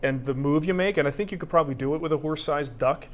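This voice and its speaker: Man, middle-aged, live-stream co-host, joking, self-mocking, somewhat high pitch. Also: quick pace. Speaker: co-host of a woodworking live show. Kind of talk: casual live-stream banter.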